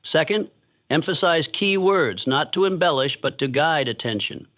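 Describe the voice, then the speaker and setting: Measured male motivational narrator, slightly high. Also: lively intonation, a bit bright, highs cut off.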